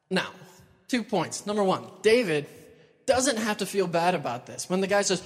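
A man's voice: high voice, lively intonation, normal speed. A young man preaching in a chatty, casual way, retelling a Bible story and acting out the quotes. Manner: chatty, uses "like" a lot, acts out quotes. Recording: long hall reverb.

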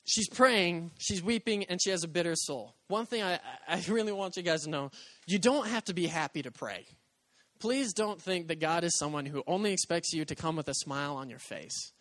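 Earnest high-voiced male pastor, dry sound. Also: moderate pace, a bit bright, dry recording. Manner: earnest, conversational, acts out quoted voices. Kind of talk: sermon.

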